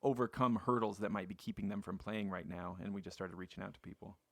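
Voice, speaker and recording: Brief: woman host, very deep voice, easygoing interviewer, dry close sound. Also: fast talker, dry recording. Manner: encouraging, laughs along. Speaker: podcast host. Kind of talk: casual conversational interview.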